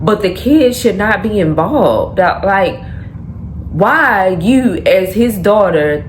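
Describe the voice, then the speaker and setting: A woman speaks slowly as she reasons through her opinion in casual commentary. Her voice echoes around the room. Faint noise can be heard behind her. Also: mid-range voice.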